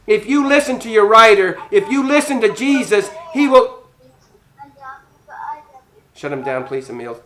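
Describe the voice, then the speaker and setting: A man teaching a children's Bible lesson as a priest, animated, acting out scenes and dropping Spanish words into his English while quizzing the kids. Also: sits high, unhurried, long pauses.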